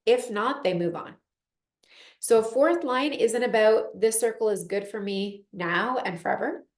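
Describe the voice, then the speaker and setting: A woman teaching a group call in a casual, animated way, acting out inner voices and saying "like" often. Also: mid-range voice, echoey room. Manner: animated, acts out inner voices, frequent "like" fillers.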